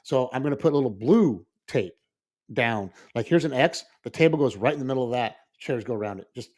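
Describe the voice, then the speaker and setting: On a casual podcast, a man who works as a school librarian tells an animated story and acts out his own reactions. His voice sits in the mid range and he talks fairly quickly.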